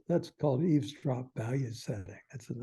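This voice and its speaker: A man's voice: mid-range voice, expressive, moderate pace, mellow, husky. An older man, a guest expert on a podcast, explaining in a folksy way and acting out little quoted phrases with chuckles.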